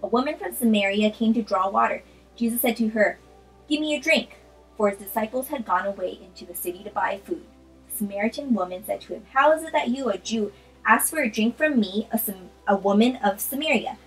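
A woman's voice: mid-range voice, animated, brisk, husky, soft background music, low-quality recording. A woman vlogger chatting casually with lots of ums, then reading a Bible chapter aloud. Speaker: art vlogger. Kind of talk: casual chat and scripture reading.

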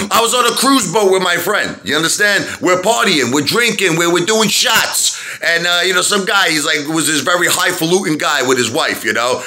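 A man vlogging about stocks in an excitable, rambling monologue, dropping "baby" asides. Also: high-pitched, moderate pace.

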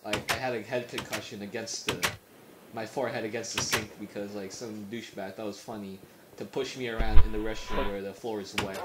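A man's voice: fairly low pitch, steady tone, brisk. A young man chatting casually while gaming, rambling through stories, swearing a lot and laughing often. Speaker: gamer. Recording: echoey room with noise.

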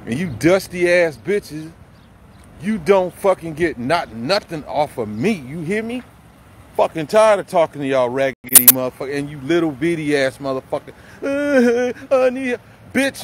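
A man's voice: on the high side, a little hiss or hum. A man vlogging outdoors by a busy street corner on a handheld phone, talking in heavy street slang and slipping into a profane, heated rant. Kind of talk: casual walking vlog turning into a rant. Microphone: handheld phone camera.

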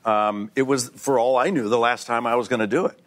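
Older male guest, animated storyteller who does voices, mid-range voice, TV studio. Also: medium pitch, fairly quick. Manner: animated storyteller, acts out other people's voices. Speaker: guest actor. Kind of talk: casual anecdotal chat. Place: TV talk show studio.

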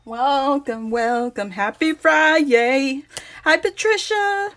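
Woman host, crafting live stream, out of breath, high-ish voice, unhurried, chatty, greets viewers by name. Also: animated, fairly bright tone, a little hiss or hum. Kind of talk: casual live chat. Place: home craft workbench. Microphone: phone on a mount.

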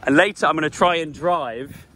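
A man's voice: a little high, moderate pace, bright, forceful tone. A man talking to the camera on a travel vlog, playful and joking. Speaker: travel vlogger. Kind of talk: casual vlog narration. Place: outdoors on a beach and street. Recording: outdoor noise around the camera mic.

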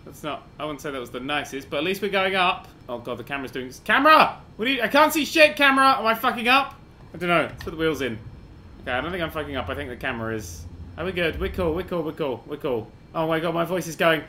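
A man giving excitable, sarcastic gameplay commentary, swearing freely as he flies. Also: a little high, fast talker, a little hiss or hum. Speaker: gaming video host.

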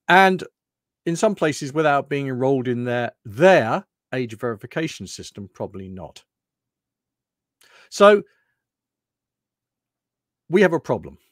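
A man's voice: medium pitch, dry recording, clean studio sound. A middle-aged British man from the UK giving a rambling, anecdotal lunchtime talk. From United Kingdom. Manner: rambling, anecdotal, loose restarts. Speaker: presenter.

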